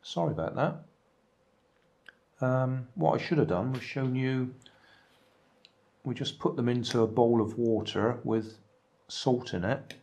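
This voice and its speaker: An older man, relaxed and chatting casually between mouthfuls in a home food vlog. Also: medium pitch, takes it slowly, creaky, long pauses. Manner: relaxed, chatting while eating. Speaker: vlogger.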